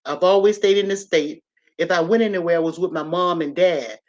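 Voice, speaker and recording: A woman in her fifties telling a personal story in a casual, animated way, talking straight to her listeners. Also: lowish voice, fairly quick. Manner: animated, chatty, addresses listeners directly. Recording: slightly dull lo-fi audio.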